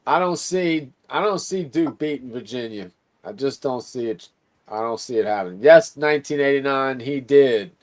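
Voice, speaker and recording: A man's voice: mid-range voice, expressive, moderate pace. A man from Louisiana, a guest on a casual sports talk stream, laid-back and agreeable, with some cussing.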